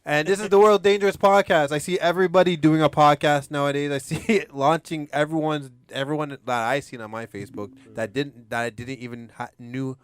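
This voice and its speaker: A man's voice: fairly high pitch, fairly even intonation, brisk, hardly any pauses, smooth. A man hosting a podcast in casual chat, laid-back and laughing often, leaning on "you know what I mean.". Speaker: podcast host.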